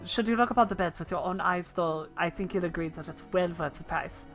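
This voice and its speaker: A woman's voice: on the low side, a little fast, fairly bright tone, soft background music, close to an everyday voice. Woman reading a stiff formal official. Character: formal official explaining a land auction.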